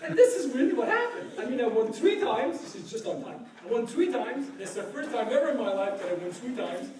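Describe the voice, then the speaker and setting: Middle-aged guy from ottawa spinning a funny story, very high voice, laughing a lot, far off in an echoey room with a crowd behind. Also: fairly quick. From Ottawa, Canada. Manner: animated, laughs often, keeps asking "right?". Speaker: professor. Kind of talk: storytelling anecdote. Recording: echoey room, distant mic, crowd chatter.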